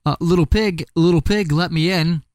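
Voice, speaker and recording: A man's voice: on the high side, moderate pace, darkish tone, dry recording, clean studio sound, voice pushed up, lightly acted. A man voicing a hungry, not very smart male wolf who sweet-talks in a raised, wheedling voice.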